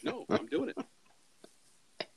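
A man co-hosting a casual sports podcast. He talks in an excitable, emphatic way and swears freely. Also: extremely slow, low-quality recording. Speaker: podcast co-host.

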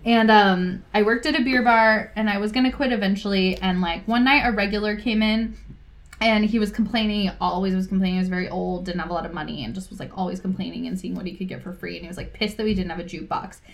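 A woman in her thirties tells stories as a podcast guest. She talks in an easygoing, animated way, with plenty of "like". Now and then she slips into other people's voices to act out what they said. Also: mid-range voice, fast. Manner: animated, lots of "like", acts out quoted voices. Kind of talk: casual storytelling.

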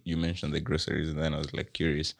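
A young man with a very low voice takes part in a relaxed podcast conversation. He asks curious questions and fills his pauses with hesitant ums and likes. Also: vocal fry. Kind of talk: casual chat.

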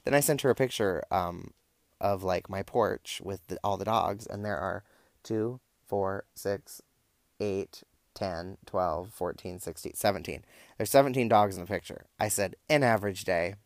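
A man's voice: low-pitched, unhurried, no room sound, clean studio sound. A young man casually recapping and reading out text messages, with wry, campy asides. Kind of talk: casual storytelling, reading out texts.

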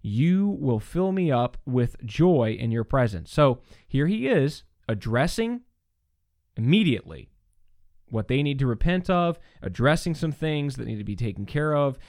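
A man's voice: mid-range voice, unhurried, no room sound, studio quality. A man hosting a podcast, teaching on scripture in an earnest conversational way, often restarting his sentences and checking in with "right?". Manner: earnest, animated, frequent restarts and "right?" asides.

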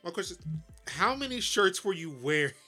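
A woman in casual chat, curious and quick with follow-up questions. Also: lowish voice, very animated, sharp tone, faint music behind.

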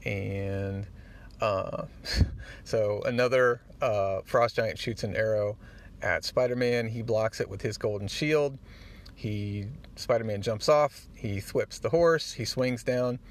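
A man hosting a podcast, retelling a comic book in a casual, animated way and getting choked up at the moving parts. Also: lowish voice, takes it slowly. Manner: animated storyteller, acts out the dialogue; easily moved, gets choked up. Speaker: podcast host.

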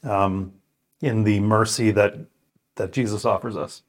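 Speaking at a fairly low pitch with fairly even intonation, a male scripture podcast co-host prays, reads scripture aloud, and reflects. His manner is earnest and thoughtful, broken by pauses and restarts.

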